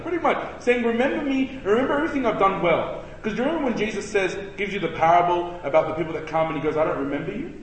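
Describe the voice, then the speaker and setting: A man with a high voice leads a relaxed Bible study, bursting into animated acted-out quotes and jokes with his listeners. He is recorded in a large hall, with long reverb trailing after his words. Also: quick pace, hardly any pauses, distant mic. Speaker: church youth teacher. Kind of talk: casual Bible study teaching.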